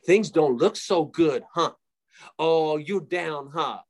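A man's voice: on the high side, slow. A man putting on a sly, taunting devil.

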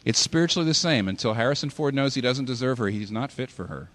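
A pastor preaching a sermon in a hall, with animated delivery that rises and falls sharply for emphasis. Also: male voice, mid-range voice, quick pace.

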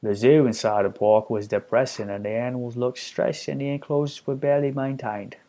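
A man doing an exaggerated put-on Australian accent to voice a complaining male tourist reviewer, in a loud, sing-song, mocking way. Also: medium pitch, fairly even intonation, moderate pace, natural voice.

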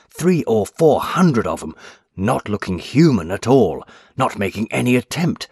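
A man's voice: on the low side, breathy edge, dry recording, clean studio sound, voice pushed up, full character voice. A man reading aloud voices a frightened middle-aged businessman who talks in raised, breathless urgency.

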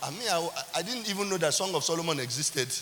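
Man, Nigerian accent, pastor preaching, high bright voice, long church-hall reverb, faint hiss. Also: fast talker. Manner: animated preaching with laughs and call-and-response. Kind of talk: sermon.

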